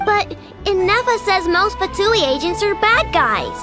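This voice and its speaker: A woman's voice: very high-pitched, very animated, a little slow, exaggerated voice. An actress playing a spirited young woman who runs a craft shop in a video game, talking in a blunt, cheeky way. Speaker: game character. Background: music.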